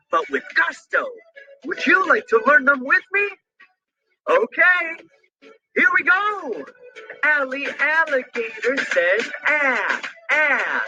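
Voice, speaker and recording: A man's voice: very high-pitched, sharp tone, lo-fi sound, exaggerated voice. A man playing a cheerful young safari guide, singing and talking through a children's phonics song over music. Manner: bouncy, enthusiastic kids' song delivery.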